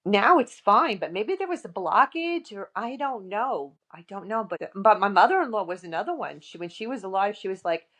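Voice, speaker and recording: A woman's voice: medium pitch, moderate pace, hardly any pauses, low-quality recording. A middle-aged woman, an author and paranormal investigator, tells emotional personal stories as a podcast guest, acting out the voices of the people in them. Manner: animated, acts out the voices of people in her stories.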